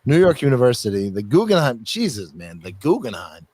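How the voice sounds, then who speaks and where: A man's voice: medium pitch, wildly swooping pitch, fairly quick, darkish tone, breathy edge, dry recording. A man hosting a podcast in casual chat, reading contributor bios aloud in a rambling, joking way that is full of swearing and laughter. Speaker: podcast host.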